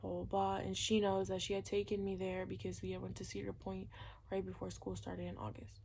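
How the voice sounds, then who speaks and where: A woman's voice: medium pitch, completely flat delivery, brisk, vocal fry, warm tone, slight background noise. Chatty young woman telling a personal story. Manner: candid, chatty, many "like"s, acts out quoted dialogue. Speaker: vlogger.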